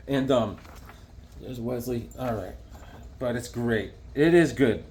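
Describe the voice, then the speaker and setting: A man casually reviewing comic books, excitable and chatty, breaking into silly voices now and then. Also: mid-range voice, a little slow, a little hiss or hum.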